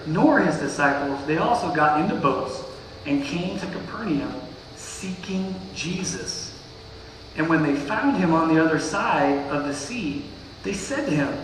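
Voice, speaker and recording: A man preaching a casual sermon as pastor, retelling a passage in slangy, animated everyday talk. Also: on the high side, slight background noise. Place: church sanctuary. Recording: echoey hall, distant mic.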